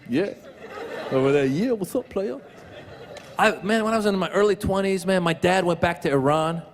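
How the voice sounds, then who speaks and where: A middle-aged man performing a stand-up comedy set before a live audience, telling animated stories and slipping into character voices. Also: high voice, fairly quick. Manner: animated storytelling, switching into accented character voices. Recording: loud crowd and noise from a live show.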